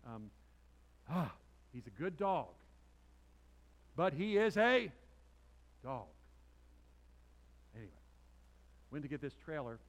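In a church sanctuary, a pastor preaches to his congregation in a mid-range voice, captured on a rough recording. He tells a personal story full of restarts and asides, swinging between loud emphatic peaks and quiet, intense lines.

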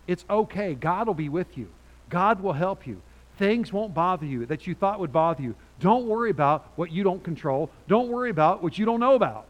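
Older preacher guy, fired up sermon, reads scripture, kinda high voice, big echoey church hall. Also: a little fast. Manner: animated preaching, loud rises, reads scripture aloud. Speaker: pastor. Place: church sanctuary. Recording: church hall with long reverb.

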